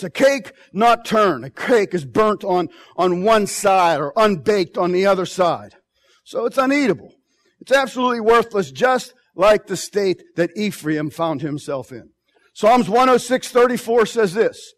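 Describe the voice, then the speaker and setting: A man preaching a sermon in a church, emphatic, repeating phrases and swinging from loud to quiet. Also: high-pitched, animated, measured pace. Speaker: pastor.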